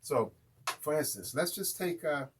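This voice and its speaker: A man's voice: fairly high pitch, lively intonation, a little slow, a little hiss or hum. A man teaching a live beginner drum lesson, chanting rudiment names and counts as he plays and checking in with "right?". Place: room with a drum kit. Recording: loud drums under the voice. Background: drum kit playing.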